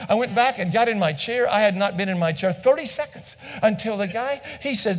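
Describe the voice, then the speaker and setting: A man's voice: high voice, expressive, fast, hardly any pauses. A male pastor telling a story in a sermon, acting out the dialogue and repeating phrases for effect. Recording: long reverb of a large hall.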